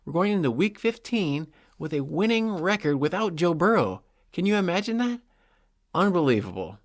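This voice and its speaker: A man's voice: high voice, big pitch swings, normal speed, dry recording, clean studio sound. Heated, opinionated male podcast host. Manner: opinionated, heated and sarcastic, with frequent "like" fillers. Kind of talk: solo sports podcast rant.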